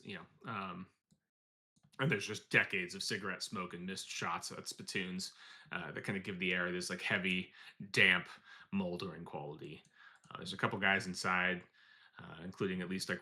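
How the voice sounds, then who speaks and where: Bright-voiced man running a tabletop game. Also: on the low side. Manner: rambling, many fillers and self-corrections. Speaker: game master.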